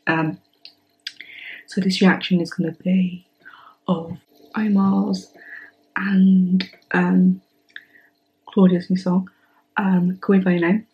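Gushing young woman reacting, slow-paced. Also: on the low side, muffled recording. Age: 20s. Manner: gushing and excitable, drops to breathy whispers. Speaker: reaction channel host. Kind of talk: song reaction vlog.

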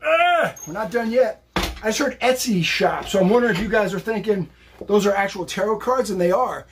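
A man's voice: sits high, brisk, a little hiss or hum. A man giving a casual, motivational live-stream tarot reading while lifting weights, rambling and upbeat. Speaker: psychic and fitness streamer.

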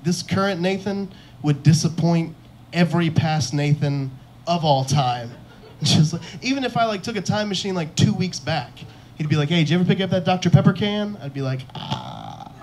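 A man's voice: fairly high pitch, a little mellow, slight background noise. A young man performing a stand-up comedy set on a club stage into a handheld mic, self-deprecating and chuckling at his own jokes.

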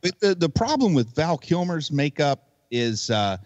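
A man's voice: on the high side, sing-song, a little slow, darkish tone, dry recording, highs cut off. A man co-hosting a podcast, casually picking apart a movie with rambling, critical remarks. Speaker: podcast co-host. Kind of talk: casual movie review chat.

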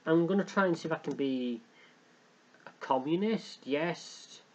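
A man's voice: on the high side, measured pace. A young man hosting a let's play, joking and rambling as he reads game text aloud. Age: young adult. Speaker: gaming channel host.

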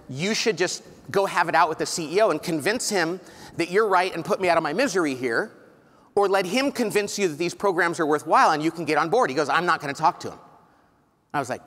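A middle-aged man from California, giving a live conference keynote, telling stories and acting out the voices of people he quotes. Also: a little high. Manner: animated storytelling, acts out quoted voices. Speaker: keynote speaker. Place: large conference hall with live audience. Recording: long hall reverb.

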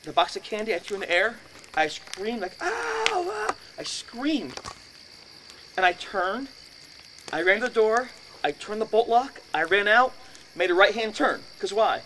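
A man with a fairly high voice tells a first-person story to a live audience. He acts out the scenes and breaks into sudden loud bursts. The recording is noisy, with crickets chirping in the background. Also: animated, normal speed. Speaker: speaker at a haunted-house talk.

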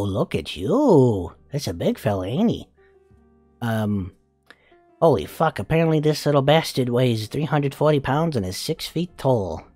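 A foul-mouthed, flamboyant male spider demon swears, giggles and coos, as a performer voices him. His pitch swings widely from line to line. The sound is dry and close, with faint music underneath. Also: a little mellow, dry recording. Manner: crude, swearing, giggly, doting. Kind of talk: comedic fan character voice reaction.

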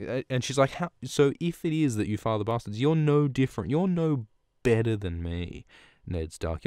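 A man's voice: lowish voice, mellow, smooth, dry recording, studio quality, close to an everyday voice. A man voicing a scheming, scornful queen in a comic podcast retelling, with crude, goading taunts.

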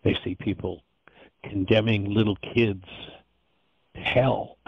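Gravelly low-voiced man teaching a course. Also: fairly even intonation, slow pace, no echo, muffled recording. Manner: earnest, digressive teaching with stammered restarts. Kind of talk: informal course lecture.

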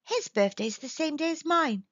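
A woman's voice: sits high, lively intonation, moderate pace, fairly bright tone, no echo, voice pushed up. A woman voicing an eager, hopeful young female bee in a storybook, sometimes shy. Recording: dull dry recording.

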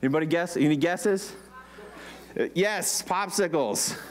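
A man's voice: fairly high pitch, unhurried. Chatty man preaching. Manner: conversational, asks the congregation questions. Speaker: pastor. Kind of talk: sermon.

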